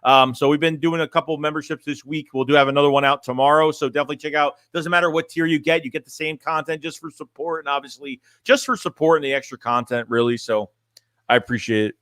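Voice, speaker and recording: A man's voice: fairly high pitch, fairly even intonation, fast, fairly bright tone, no room sound, studio quality. A man casually chatting on a sports live stream, rambling and full of fillers.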